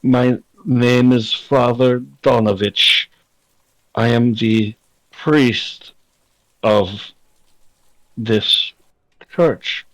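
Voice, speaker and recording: A man voicing a disheveled, nervous old priest in a tabletop game, speaking in halting, stammering phrases. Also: medium pitch, steady tone, no room sound, rough recording. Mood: hesitant.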